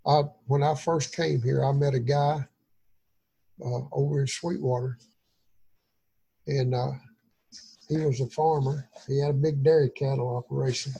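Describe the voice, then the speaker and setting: A man's voice: medium pitch, steady tone, a little slow, gravelly, long pauses, warm tone, breathy edge, poor audio. A man leading an informal Bible study, teaching in a folksy, rambling way. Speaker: pastor.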